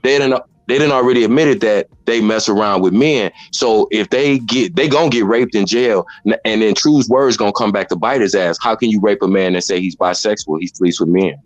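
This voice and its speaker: A man's voice: fairly low pitch, brisk, few pauses, no room sound, highs cut off. A man hosting a casual commentary chat, blunt and rambling as he explains things at length. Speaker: commentary host.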